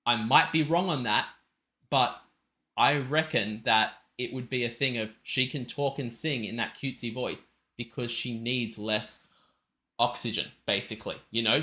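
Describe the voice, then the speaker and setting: A man's voice: medium pitch, pushed and bright. An Australian man hosting a reaction video, talking enthusiastically and emphatically in a rambling way. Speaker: reaction channel host.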